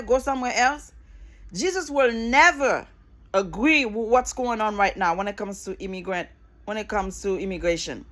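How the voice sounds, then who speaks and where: A woman's voice: a little high, fairly bright tone. A middle-aged woman vlogging an impassioned, angry political rant, repeating phrases for emphasis and swearing freely.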